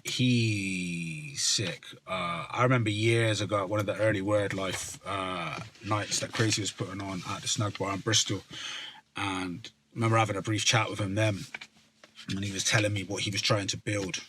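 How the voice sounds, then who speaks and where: A man's voice: lowish voice, steady tone, normal speed, background noise. A male rapper with a Somerset West Country accent, talking casually to camera, rambling and swearing often with plenty of fillers. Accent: West Country English, Somerset. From South West England.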